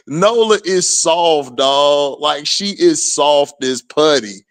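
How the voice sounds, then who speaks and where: A man's voice: fairly high pitch, very slow. A man giving casual, slangy live commentary on a game while greeting viewers, often laughing as he trash-talks the players.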